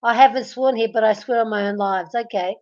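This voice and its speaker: A woman's voice: a little high, a little fast, a little mellow, raised voice, slight background noise. A woman hosting a casual live stream, teasing viewers by name and laughing a lot as she reads the chat. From Melbourne, Australia. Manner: giggly, teasing, talks to chatters by name. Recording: dull lo-fi stream audio.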